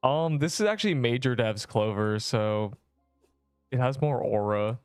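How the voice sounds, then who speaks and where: A man's voice: mid-range voice, animated, unhurried, a little mellow, smooth, dry recording, faint music behind. A young man chatting casually while streaming a game, joking with viewers and breaking into mock-dramatic outbursts. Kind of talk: casual livestream chat while gaming.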